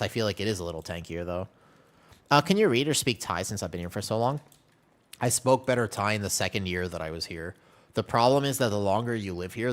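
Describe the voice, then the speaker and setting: Chatty man, a bit low, explaining gameplay. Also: a bit bright. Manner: chatty, explains rotations while reading chat. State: sneezing and coughing from allergies. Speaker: streamer playing a tank. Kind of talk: live gameplay commentary.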